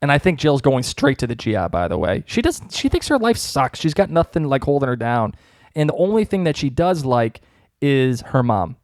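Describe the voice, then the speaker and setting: Excitable Massachusetts man. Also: mid-range voice, normal speed, no echo, studio quality. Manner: excitable, laughs often. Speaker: podcast co-host. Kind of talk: casual chat.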